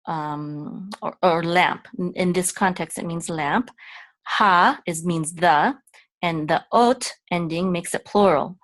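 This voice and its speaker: A woman gives an unhurried reading lesson, walking through each letter and vowel one at a time. Her voice sits on the low side, and she talks slowly. She often pauses on ums and corrects herself as she goes. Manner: patient, halting with frequent ums and self-corrections. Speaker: Hebrew teacher. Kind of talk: step-by-step language lesson.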